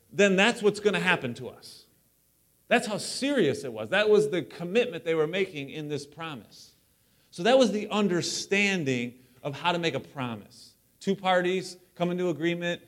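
A male pastor preaching a sermon in a church, animated and lively, breaking up the teaching with joking asides. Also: fairly high pitch. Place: church sanctuary.

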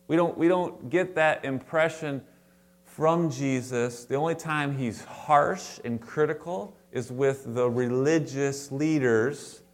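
Guy preaching at church, chatty, keeps restarting, then gets loud and punchy on key words. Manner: conversational preaching with frequent restarts and asides; animated, stressing words with sudden louder higher bursts. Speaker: pastor. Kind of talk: sermon. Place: church sanctuary before a congregation.

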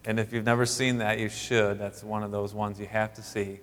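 A man in his thirties preaching a sermon as pastor, talking in a halting way with many fillers and restarts. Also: lowish voice, level tone, in a large hall. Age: 30s.

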